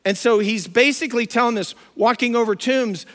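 A man's voice: extremely high pitch, fairly quick, a bit bright, long reverb tail. A man giving a conversational sermon, explaining and paraphrasing scripture in plain everyday words. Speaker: preacher. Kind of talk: sermon, Bible teaching.

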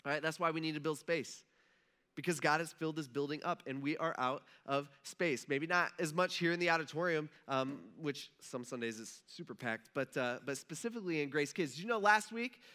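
A male pastor with a bright, forceful voice, sitting a little high for a man. He preaches in a relaxed, conversational way and slips into casual dialogue as he retells a story in the church auditorium. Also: a little fast, clean tone. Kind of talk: sermon.

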